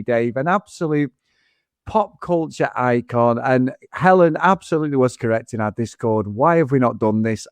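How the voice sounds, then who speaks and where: A man's voice: mid-range voice, no echo, clean studio sound. A man hosting a movie podcast, joking and laughing as he chats casually. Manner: jokey, laughing, restarts often. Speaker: podcast host.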